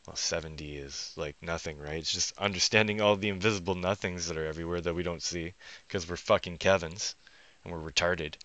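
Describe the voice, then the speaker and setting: Man, low pitch but bright and forceful tone, restless profane monologue, keeps breaking off mid-thought. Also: no echo. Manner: profane, restless, thinking aloud; self-interrupting, trails off mid-sentence. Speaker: vlogger. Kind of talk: rambling monologue.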